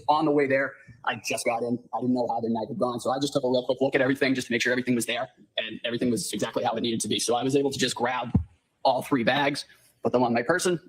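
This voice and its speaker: Man, courtroom testimony, paramedic witness, brisk pace, polite. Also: medium pitch, a bit bright, slightly rough, poor audio. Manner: polite, measured, answers with "yes, sir".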